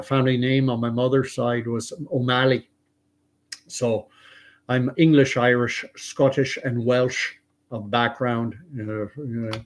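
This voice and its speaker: Chatty man hosting a live stream. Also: medium pitch. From Canada. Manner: chatty, reads viewer comments aloud, thinks out loud. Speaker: livestream host. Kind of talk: casual live-stream commentary.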